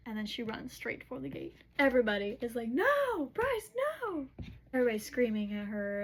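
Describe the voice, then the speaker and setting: A woman's voice: medium pitch, a little hiss or hum, rough recording. A young woman chatting casually through a book recap, with frequent filler words.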